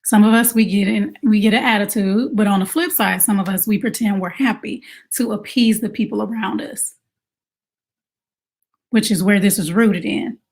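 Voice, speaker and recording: A woman coaching mothers in a casual advice talk, conversational and animated, asking rhetorical questions. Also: medium pitch, normal speed. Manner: animated, acts out quoted moms in exaggerated voices. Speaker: self-care coach for mothers.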